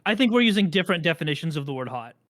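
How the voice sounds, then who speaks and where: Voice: medium pitch, big pitch swings, very fast, fairly bright tone. A podcast host chatting casually, rambling through explanations with dry jokes.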